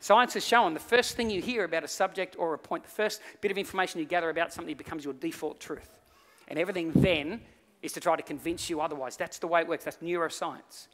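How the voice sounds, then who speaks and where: A male pastor preaching a sermon, telling stories with lively acted-out voices. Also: a little high, fast talker, hardly any pauses. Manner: animated storytelling, acts out voices in the story. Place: church hall. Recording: reverberant church hall.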